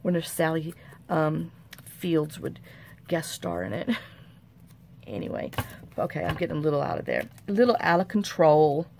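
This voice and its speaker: A woman's voice: deep voice, animated, moderate pace, gravelly, long pauses, darkish tone, a little hiss or hum. A middle-aged woman, hosting a chatty crafting tutorial at her craft table and rambling off on folksy, self-mocking tangents.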